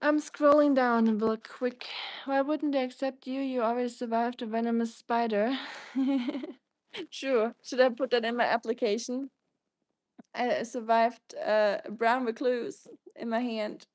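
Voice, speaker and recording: A German woman with a German accent hosts a casual livestream, rambling and chatty as she reads viewer comments aloud and answers them. Her voice is fairly high and a little mellow, with a steady tone and normal speed, and there's no room sound.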